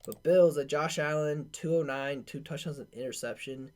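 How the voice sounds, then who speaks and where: A man's voice: fairly high pitch, normal speed, a little mellow. A man hosting a casual sports podcast, rattling off game stats with slangy filler words and loose asides. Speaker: podcast host.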